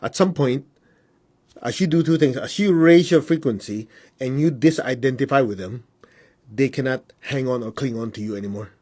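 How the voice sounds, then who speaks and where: Spiritual teacher, male, husky and a little breathy, casual live-stream teaching with mid-range pitch. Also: moderate pace, a little mellow. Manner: conversational, asks the audience whether it makes sense; mimics students in high voices.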